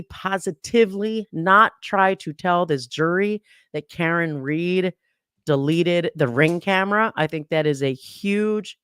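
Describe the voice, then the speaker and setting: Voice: medium pitch, fairly bright tone, smooth, no echo, studio quality. A guest commentator analyzing a trial in casual podcast talk, who often restarts sentences and laughs in disbelief.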